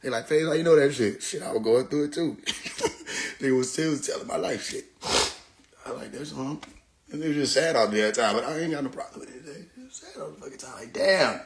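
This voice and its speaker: High-voiced man laughing through stream commentary. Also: animated, a little fast, creaky. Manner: laughing often, loose and profane, sings along. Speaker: livestreamer reacting to songs. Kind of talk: casual live-stream commentary. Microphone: phone live stream.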